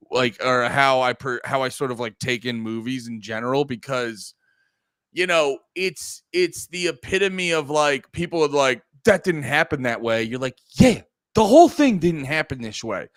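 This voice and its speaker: A podcast co-host with a clear, resonant mid-range voice chats casually about movies, swearing freely and acting out quotes in funny voices. The recording is dry and clean, with a studio sound.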